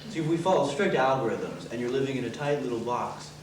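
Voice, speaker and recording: A man plays an earnest emergency department worker explaining the job in an everyday voice. The sound is distant and heavily reverberant, with clear background noise. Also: medium pitch, lively intonation, fast talker, lightly acted. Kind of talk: stage monologue. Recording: very echoey, far off, noisy.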